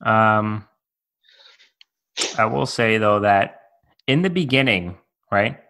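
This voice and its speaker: Young dude cohosting a podcast, bright voice, laid back, kinda hedgy. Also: male voice, fairly low pitch, slow. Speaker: podcast co-host. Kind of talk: casual chat.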